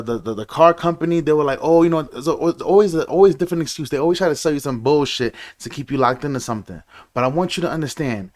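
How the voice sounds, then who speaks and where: A man delivers a heated, preachy rant straight to camera. He stumbles and repeats himself as his frustration builds. His voice sits slightly high. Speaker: commentator.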